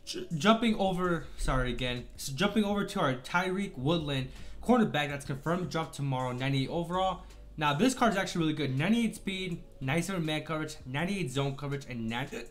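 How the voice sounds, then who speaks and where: A man with a slightly high voice gives casual video game commentary for his channel. He talks in a chatty, upbeat way and apologizes for small slips, fighting off the hiccups. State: has the hiccups. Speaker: gaming channel host.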